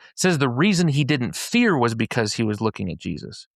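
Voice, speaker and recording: A man with a gravelly, fry-tinged voice talks through a scripture story in a casual podcast conversation. He retells it in loose everyday slang and often trips into restarts. The sound is close and dry, with no room around it. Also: mid-range voice, big pitch swings, brisk, no echo. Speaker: podcast speaker explaining a faith-based framework. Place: podcast studio in Utah.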